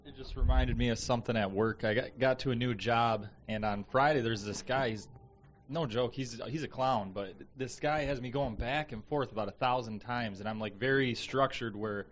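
A man's voice: medium pitch, normal speed, slight background noise. A man in casual chat, rambling through a workplace story with lots of fillers.

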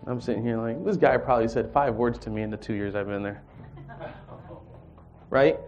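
Man giving a lively church testimony, mid-pitched voice, muffled lo-fi recording. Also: moderate pace, a little hiss or hum. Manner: animated storyteller, acts out dialogue, chuckles. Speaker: church group speaker. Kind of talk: personal testimony and scripture reading.

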